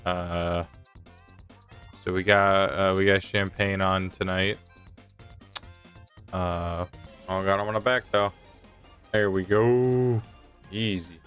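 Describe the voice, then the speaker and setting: A man's voice: sits low, fairly even intonation, takes it slowly, long pauses, a bit bright, clear, resonant tone, faint music behind. A young man giving comedic gameplay commentary, joking and self-mocking with stammered restarts. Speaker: gaming youtuber.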